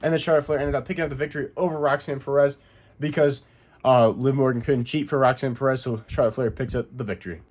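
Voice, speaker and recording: Hosting a laid-back wrestling recap, this man rambles through the play-by-play and keeps fixing his own slips. He talks quickly in a slightly mellow mid-range voice with fairly even intonation.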